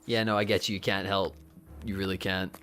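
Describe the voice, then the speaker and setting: Low-voiced tipsy woman streamer. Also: little pitch movement, fairly quick, fairly bright tone. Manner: tipsy, swearing, talking to herself. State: drunk. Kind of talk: casual game commentary.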